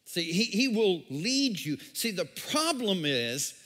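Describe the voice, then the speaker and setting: A man's voice: high voice, big pitch swings, slow pace, fairly bright tone, big-room sound. A man preaching a sermon as pastor, repeating words and throwing questions at the congregation. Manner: repetitive, stammering, questions to the crowd.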